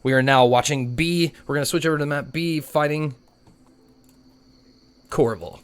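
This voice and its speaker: A man with a fairly high voice runs a tabletop game. He narrates in a loose, chatty way, scattering filler words through his descriptions of the scene. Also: normal speed, smooth. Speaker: game master.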